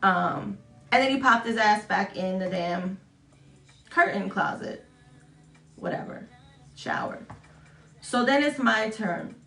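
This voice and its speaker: A young woman recounts a story to her viewers in a loose, chatty way, with plenty of swearing and jokes at her own expense. Her voice sits at a middle pitch and rings in a roomy space, with faint music underneath. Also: expressive, unhurried, a bit bright. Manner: chatty, swearing, self-mocking, acts out quotes in high voices. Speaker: vlogger. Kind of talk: casual storytelling vlog. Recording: echoey room.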